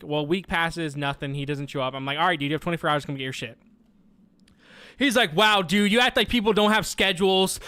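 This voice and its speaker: A man's voice: on the high side, fairly quick, clean tone, no room sound. Profane young man telling a story. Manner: profane, animated retelling with quoted dialogue. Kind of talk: casual storytelling.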